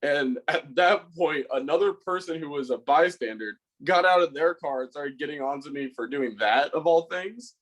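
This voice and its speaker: A man's voice: a little high, moderate pace, hardly any pauses, fairly bright tone, low-quality recording. A young man on a podcast telling a rambling, swear-filled story about a fight, acting out what he said. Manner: rambling, swears a lot, acts out his own lines. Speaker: podcast co-host. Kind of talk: casual storytelling.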